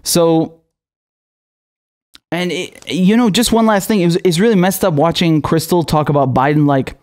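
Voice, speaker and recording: Host, male, higher register; exasperated, swearing commentary rant. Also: normal speed, a little mellow. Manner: profane, exasperated, sarcastic. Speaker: political commentator. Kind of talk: angry ranting commentary.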